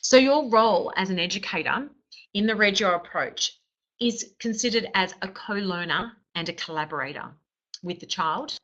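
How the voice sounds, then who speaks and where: Woman, early childhood trainer, instructional lecture, explanatory, says okay often, bright voice, muffled lo-fi audio. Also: mid-range voice, moderate pace.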